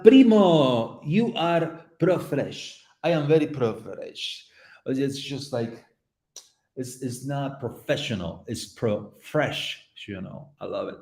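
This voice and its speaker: Lively, joking live-stream host man. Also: medium pitch, vocal fry. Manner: playful, rambling, jokey, addresses chat directly. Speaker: livestream host painting community art. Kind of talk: casual live-stream chat.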